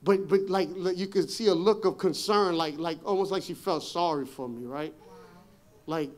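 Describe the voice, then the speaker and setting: A man preaching in a strikingly high voice, speaking into a handheld mic in a church. He stumbles over repeated words, then builds into fervent shouting. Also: moderate pace. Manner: impassioned preaching, rising to shouts; repeats words and restarts sentences. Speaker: pastor. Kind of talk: sermon. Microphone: handheld microphone.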